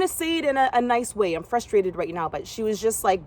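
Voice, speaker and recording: Sing-song and at a normal speed with few pauses, a young woman from Canada shares a story from her time in gymnastics. When quoting others, she performs their lines in a higher voice.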